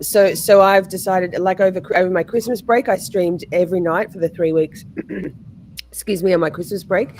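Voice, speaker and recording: A woman with an Australian accent in casual livestream chat, in her morning voice, hesitant with frequent ums and throat clearing. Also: lowish voice, darkish tone, a little hiss or hum. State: morning voice, just woke up. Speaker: guest true-crime streamer.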